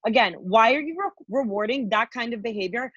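Woman on a podcast going off, swearing a ton, kinda high voice, dry mic. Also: animated, a little fast, fairly bright tone, breathy edge, no room sound, dull audio. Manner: heated, profane, ranting with many likes. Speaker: podcast co-host. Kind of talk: angry political rant.

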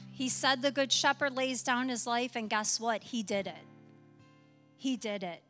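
A woman's voice: a little high, a bit bright, in a large hall. A woman pastor preaching a sermon in a church, with impassioned, emphatic repetition, then closing in prayer. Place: church sanctuary.

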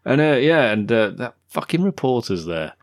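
A man's voice: medium pitch, sing-song, normal speed, no echo, clean studio sound. A man co-hosting a casual film review podcast, joking and laughing often as he retells scenes. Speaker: podcast co-host.

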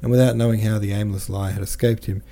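A man narrating a classic novel as an audiobook reader, in a measured, steady manner. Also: on the low side.

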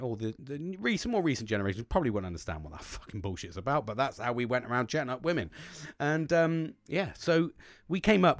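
A man in his forties talks openly in a rambling, sweary monologue. His voice rises and falls a lot, with a medium pitch. The sound is close and dry. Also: no echo. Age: 40s. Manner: sweary, rambling, emotional openness. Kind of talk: candid casual monologue.

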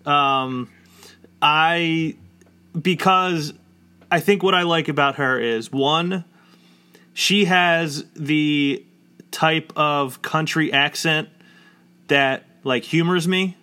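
Bright-voiced man rambling casually. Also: a little high, extremely slow, long pauses, smooth. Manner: rambling, heavy use of "like" fillers. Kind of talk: casual chat.

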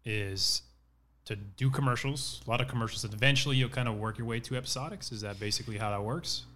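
A man hosting a casual chat, asking quick questions and joking around. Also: mid-range voice, pushed and bright.

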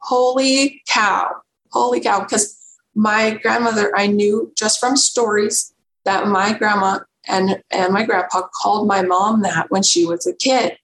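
Woman guest, earnest halting storyteller; roomy echo, faint noise. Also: medium pitch, steady tone, fairly bright tone. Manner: earnest, halting, many restarts. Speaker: podcast guest. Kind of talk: personal storytelling.

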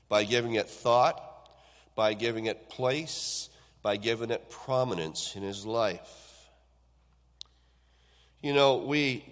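A man preaching a Sunday sermon in a church. His voice rises into loud, emphatic build-ups and then drops into quiet endings. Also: mid-range voice. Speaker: pastor. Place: church sanctuary. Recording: long hall reverb.

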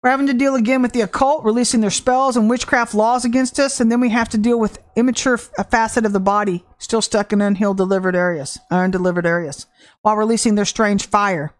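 A woman's voice: mid-range voice, fairly even intonation. Fervent woman preaching prophecy. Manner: fervent, emphatic, shifts between drawn-out and rushed phrases. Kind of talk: prophetic sermon.

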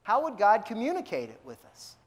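A man's voice: sits high, wildly swooping pitch, a little fast. A male pastor preaching a sermon in a conversational way, asking many questions and often repeating words. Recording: long reverb of a large hall.

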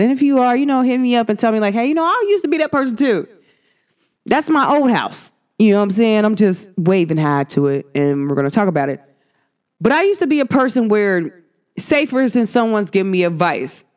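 Animated woman vlogging about astrology. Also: medium pitch, clear, resonant tone. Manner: animated, slangy, talks straight to viewers. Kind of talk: casual talk to camera.

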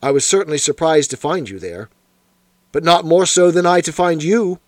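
A man doing Sherlock Holmes, crisp and commanding. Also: a little high, moderate pace, dry recording, close to an everyday voice. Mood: brisk. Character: sharp, masterful male detective in disguise. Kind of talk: audiobook character voice.

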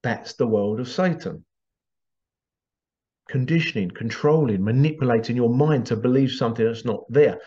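A man's voice: mid-range voice, moderate pace, warm tone, dull audio. A man hosting a podcast, talking in a loose, rambling monologue with frequent restarts and laughs. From Britain. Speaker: podcast host. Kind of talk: casual monologue.

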